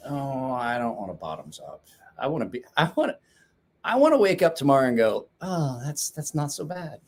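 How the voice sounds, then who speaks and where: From his home garage, a man in his forties hosts a relaxed knife-sharpening podcast, rambling, swearing and laughing a lot. His medium-pitched voice swings widely in pitch at a normal speed.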